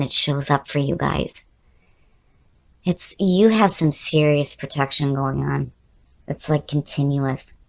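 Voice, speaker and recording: A woman giving a casual tarot reading who is losing her voice and sounds hoarse. She muses aloud, repeats key words and speaks straight to the viewer. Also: low voice. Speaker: tarot reader.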